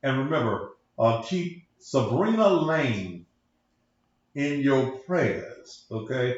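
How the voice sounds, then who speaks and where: A man's voice: medium pitch, very animated, takes it slowly. Male pastor-host, loose profane preacher delivery, very echoey lo-fi recording. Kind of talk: casual livestream talk. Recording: echoey room, dull lo-fi sound.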